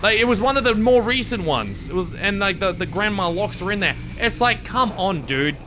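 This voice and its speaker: A man's voice: high-pitched, expressive, normal speed, background noise. A man commenting on his gameplay in a jokey, rambling way, easily startled and prone to yelps. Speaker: gaming video creator.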